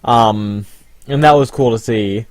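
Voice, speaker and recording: A man co-hosting a casual movie review chat, laid-back and quick to agree. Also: on the low side, dry recording.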